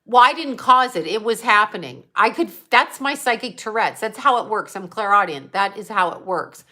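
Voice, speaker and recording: A woman's voice: medium pitch, lively intonation, moderate pace, pushed and bright. A middle-aged woman, a psychic medium hosting a livestream, telling an emotional personal story in a rambling way. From United States. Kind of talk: livestream talk with viewers.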